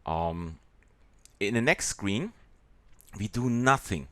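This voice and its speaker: A man with a German accent walking through a software tutorial in a halting way, with many pauses and fillers. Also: lowish voice, animated, no echo. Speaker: software demonstrator.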